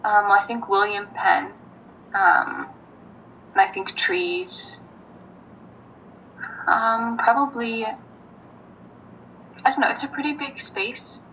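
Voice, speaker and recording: A young woman answering interview questions casually, hesitant and pausing often. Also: fairly high pitch, sharp tone. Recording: dull lo-fi sound, faint noise.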